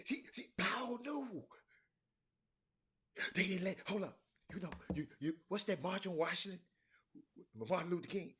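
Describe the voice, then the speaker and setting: Husky-voiced man telling a story. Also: on the high side. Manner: animated storyteller, repeats and restarts, addresses viewers as y'all. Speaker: talk show host. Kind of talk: casual livestream history talk. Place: hotel room.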